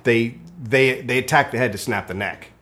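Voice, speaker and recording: A middle-aged man co-hosting a casual comedy chat, tossing out deadpan absurd jokes. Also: mid-range voice, moderate pace. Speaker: podcast co-host.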